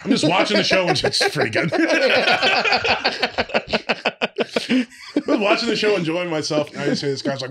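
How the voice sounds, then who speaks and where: A man's voice: high-pitched, moderate pace, long pauses. A man chatting casually on a podcast, telling a story with plenty of swearing and acting out the people he quotes. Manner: animated storyteller, acts out quoted voices, swears freely. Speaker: podcast guest. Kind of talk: casual chat.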